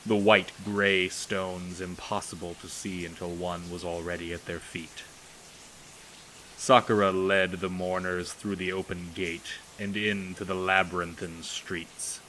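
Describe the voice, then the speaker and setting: A man narrating a novel aloud in a measured, solemn storytelling manner. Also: low voice, pushed and bright, a little hiss or hum, poor audio. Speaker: audiobook narrator. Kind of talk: scripted narration.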